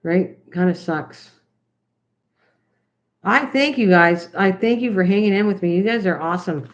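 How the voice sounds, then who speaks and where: Making cards live for her viewers, an older woman from the United States rambles casually in an unhurried, medium-pitched voice. The lo-fi livestream sound is a little dull.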